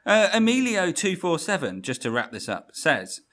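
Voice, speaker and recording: A man's voice: fairly high pitch, huge pitch swings, moderate pace, fairly bright tone. A man co-hosting a video game podcast, chatting casually with dry, self-deprecating humour. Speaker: podcast co-host.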